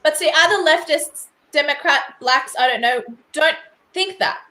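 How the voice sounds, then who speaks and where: A woman with a high, bright voice hosts a loose live-stream chat, speaking bluntly and animatedly. She trips over her words and restarts often. The sound carries a noticeable room echo. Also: measured pace. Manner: animated, blunt, laughs along, stumbles and restarts. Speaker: host. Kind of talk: casual live-stream interview.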